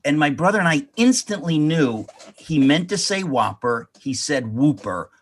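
A man's voice: fairly high pitch, expressive, moderate pace. A man, an author being interviewed, telling a rambling family anecdote with many self-corrections. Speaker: author guest. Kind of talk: storytelling in an interview.

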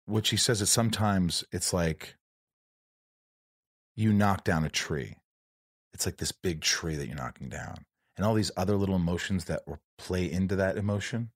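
Deep-voiced man telling a story. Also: measured pace, no echo, studio quality. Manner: animated storyteller acting out dialogue. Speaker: podcast host. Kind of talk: casual storytelling chat.

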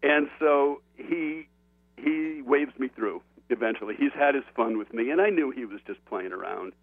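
A man speaks as a guest author in a relaxed interview, telling his story with lots of laughter and stumbling restarts. His voice sits at an ordinary pitch. It comes through a tinny, phone-like line that sounds dry with no room echo. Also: normal speed, breathy edge. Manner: animated, laughs often, frequent restarts.

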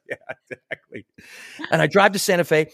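A man's voice: a little high, normal speed, gravelly, a bit bright, dry recording. Chatty man telling stories, dry close sound. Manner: chatty, laughs often, acts out quoted voices. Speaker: actor guest. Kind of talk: casual anecdotal storytelling.

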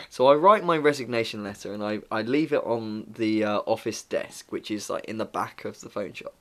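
A man's voice: mid-range voice, normal speed. A young man from England telling a story in casual chat, swearing freely and acting out customers in changed voices. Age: young adult.

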